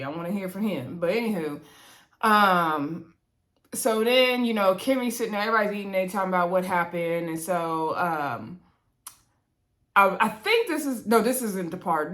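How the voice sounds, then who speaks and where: A woman's voice: medium pitch, fairly bright tone. A woman casually recapping a reality show, chatty and laughing, acting out the cast members' lines in quoted voices.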